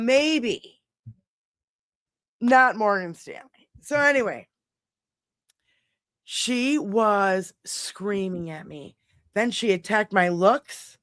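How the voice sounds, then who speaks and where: A woman's voice: medium pitch, fairly bright tone, no room sound, clean studio sound. Profane, rambling middle-aged woman storyteller. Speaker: podcast host. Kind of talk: casual storytelling chat.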